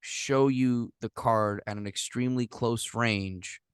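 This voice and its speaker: Male podcast host from Puerto Rico, animated storyteller, salty language, mid-pitched, dry sound. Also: slow, clear, resonant tone, dry recording. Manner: animated storyteller, swears a lot, acts out quotes. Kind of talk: casual podcast chat.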